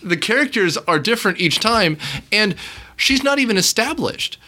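A man's voice: high-pitched, expressive, moderate pace, pushed and bright. A man hosting a casual movie-review podcast, rambling and sarcastic, with frequent restarts. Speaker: podcast host.

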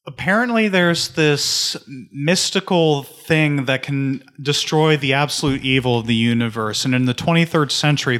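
A man of middle pitch, talking through a film's plot on a casual podcast. He rambles a little with ums and uhs, relaxed and easygoing. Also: clean tone. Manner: relaxed, summarizes with fillers. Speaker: podcast co-host. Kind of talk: casual movie discussion.

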